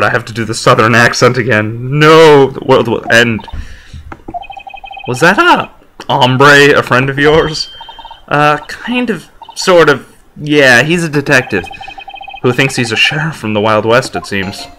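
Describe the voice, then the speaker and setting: A man's voice: mid-range voice, moderate pace, bright, forceful tone, slight background noise. A man hosting a game playthrough, reading dialogue aloud with wry, joking commentary. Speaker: let's play host.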